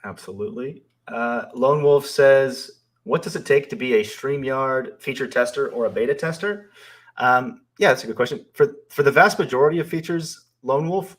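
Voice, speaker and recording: A man co-hosting a live stream, who is also a company founder, reads viewer questions aloud and answers them thoughtfully but hesitantly, with many fillers. He speaks at medium pitch and normal speed.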